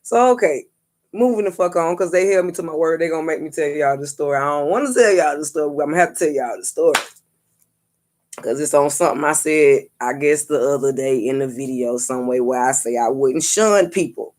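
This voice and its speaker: Profane, animated storytelling woman. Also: deep voice, a little fast. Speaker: psychic reader and vlogger. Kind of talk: casual storytelling vlog.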